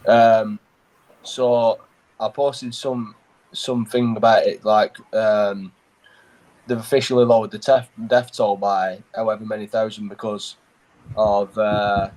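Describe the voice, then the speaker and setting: A man's voice: on the low side, little pitch movement, a little slow, a little mellow, low-quality recording. A man co-hosting a podcast, telling a rambling story in casual chat, full of fillers and swearing. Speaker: podcast co-host.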